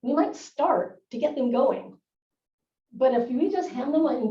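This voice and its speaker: A woman's voice: a little high, moderate pace, warm tone. A middle-aged woman, a nurse practitioner, giving a live talk to school staff in a chatty, wry way. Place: school room. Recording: echoey dull room recording from far off.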